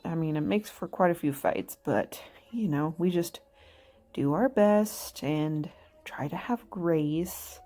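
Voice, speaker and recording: Slow-talking, laughing young mum. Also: female voice, deep voice, dark tone, faint music behind. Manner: rambling, laughs often, self-deprecating. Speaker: mother vlogger. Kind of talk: casual voice-over chat.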